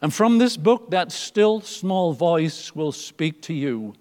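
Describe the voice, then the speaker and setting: A man preaching a sermon, moving from loud emphatic lines to soft, almost whispered ones. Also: on the high side, animated, takes it slowly, few pauses, in a large hall.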